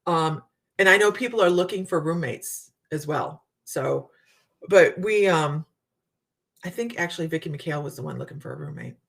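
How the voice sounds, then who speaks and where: Gravelly chatty woman telling stories. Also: low voice, moderate pace, fairly bright tone. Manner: chatty storytelling, Southern US "y'all". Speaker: psychic medium host. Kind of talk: casual live chat with viewers.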